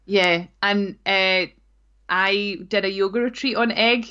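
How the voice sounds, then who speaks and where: A woman's voice: medium pitch, fairly even intonation, slow, pushed and bright, clear, resonant tone, muffled recording. A woman with a Scottish accent, co-hosting a podcast in casual, playful chat full of asides. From Scotland. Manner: chatty and giggly, with playful asides. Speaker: podcast co-host.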